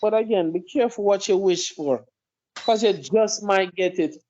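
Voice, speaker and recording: A man, co-hosting a casual chat, calm and preachy with frequent agreeing interjections. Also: sits high, normal speed. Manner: laid-back, agreeing, preachy asides. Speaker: podcast co-host. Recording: dull lo-fi audio.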